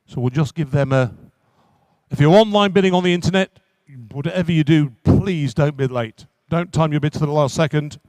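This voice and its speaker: A man working as an auctioneer at a live car auction, calling bids in quick repetitive runs. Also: on the high side, darkish tone, no room sound. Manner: rapid repetitive bid calling.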